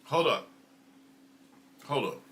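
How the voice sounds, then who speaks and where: A man's voice: slow, noisy background. A man hosting a casual livestream, telling stories with bursts of laughter and snacking while he talks. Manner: animated storytelling with laughs; snacking and chewing while talking. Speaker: show host.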